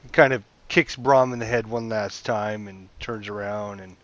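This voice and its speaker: A man's voice: lowish voice, steady tone, moderate pace, dull audio. A man running a tabletop game as game master, narrating loosely and chattily and checking in with the players.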